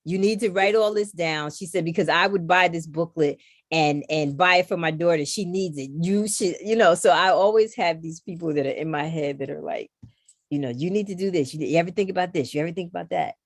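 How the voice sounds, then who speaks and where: Low, gravelly woman telling lively stories. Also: fairly quick, no room sound, clean studio sound. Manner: animated storyteller who acts out others' lines. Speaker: podcast guest, knitting designer. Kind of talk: casual conversation.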